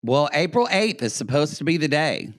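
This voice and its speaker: An easygoing man in his forties co-hosting a podcast, rambling with plenty of fillers. His voice is lively in pitch and recorded dry and close, with no room sound. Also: normal speed, dry recording. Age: 40s. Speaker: podcast co-host. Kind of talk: casual chat.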